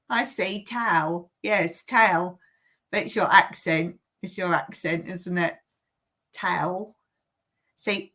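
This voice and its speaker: A woman's voice: mid-range voice, fairly bright tone. A woman chatting casually on a livestream from her home, giggling often and laughing at herself. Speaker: livestream host. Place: home in rural Cyprus.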